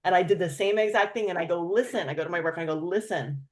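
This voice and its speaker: A woman hosting a casual chat, telling a story with lively, acted-out quotes of other people. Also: lowish voice, fast talker. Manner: animated storyteller, acts out quoted voices. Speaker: host.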